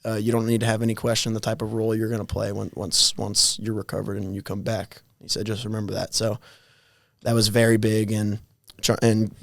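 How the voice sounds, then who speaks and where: Young man telling a story, even-toned. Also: lowish voice, gravelly, no echo, clean studio sound. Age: 20s. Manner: halting, repeats words, chuckles while telling stories. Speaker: college football player, guest. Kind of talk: casual storytelling interview.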